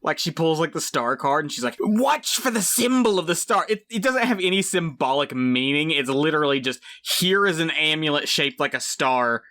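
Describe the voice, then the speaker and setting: A man co-hosting a casual film podcast with a bright, forceful voice. His pitch swings widely as he jokes, swears and acts out scenes in goofy voices. He speaks a little higher than most men. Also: moderate pace, hardly any pauses. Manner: animated, profane, acts out scenes in silly voices. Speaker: podcast co-host. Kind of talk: casual film review chat.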